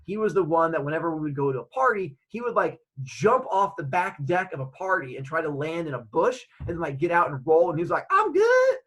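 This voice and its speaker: A middle-aged man, a podcast host, telling a story in a chatty, animated way. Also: a little high, a little fast, few pauses, slightly rough, rough recording. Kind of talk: casual storytelling.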